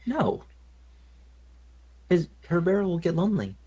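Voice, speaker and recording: A woman voicing a sleepy, doll-like construct companion who talks in a flat, literal, drowsy way. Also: fairly low pitch, unhurried, breathy edge, pitched below the performer's own voice, exaggerated voice. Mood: deadpan.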